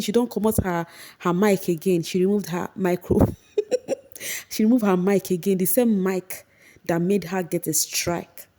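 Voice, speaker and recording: A young Nigerian woman chatting casually as she recaps a reality show, retelling scenes with lively energy. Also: unhurried. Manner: animated retelling, acting out quotes in a high voice. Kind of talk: casual commentary.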